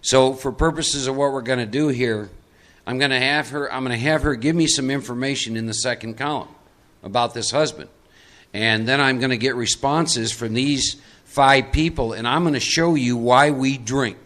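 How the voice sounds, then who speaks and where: Guy running a recovery workshop, bright voice, chatty, pulling folks up to act stuff out. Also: medium pitch, normal speed. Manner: conversational, coaxing volunteers into role-play. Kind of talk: live workshop talk. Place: meeting room with audience.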